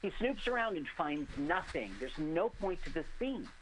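A man's voice: on the high side, normal speed, poor audio. A man casually retelling a film's scenes in a radio studio chat, quoting the characters as he goes. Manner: lively, retells scenes with quoted lines. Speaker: co-host riffing on a film. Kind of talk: casual movie riffing chat. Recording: faint hiss, community radio studio.

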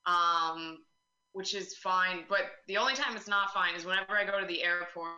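A woman performing a stand-up comedy set, deadpan with chatty filler words. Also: lowish voice, normal speed, dull audio, faint music behind. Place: club room with live audience. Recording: echoey room.

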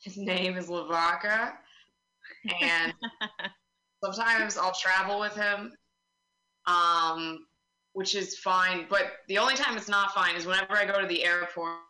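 A young woman doing a stand-up comedy set, telling stories in a deadpan way with quick asides. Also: medium pitch, echoey room, rough recording.

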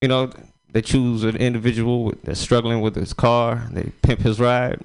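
A man's voice: medium pitch, little pitch movement, normal speed, vocal fry, clean tone. A man performing a casual, rambling stand-up set at an open mic, laughing at his own jokes. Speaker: stand-up comedian.

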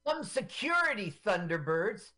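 A radio co-host bantering casually while watching a film, with excitable outbursts and swearing. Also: medium pitch, a little slow.

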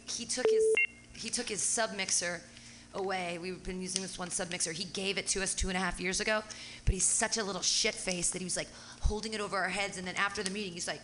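A woman's voice: mid-range voice, steady tone, fast talker, a little hiss or hum, rough recording. A woman hosting a casual radio chat, ranting with heavy swearing. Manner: profane, heated, rants and reenacts yelling. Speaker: radio show host.

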